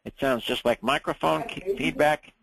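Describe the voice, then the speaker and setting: A man teaching a ham radio class in a relaxed, chatty way, often checking in with the room. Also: a little high, moderate pace, gravelly, crowd noise, low-quality recording.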